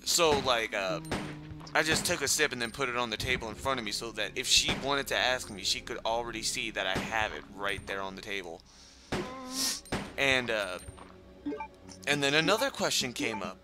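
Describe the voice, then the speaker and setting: A man's voice: medium pitch, expressive, moderate pace. A young man casually telling a long story while playing a video game, swearing often and full of fillers. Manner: laid-back, profane, filler-heavy, laughing asides. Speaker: gameplay commentator. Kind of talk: casual storytelling over gameplay. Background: video game music.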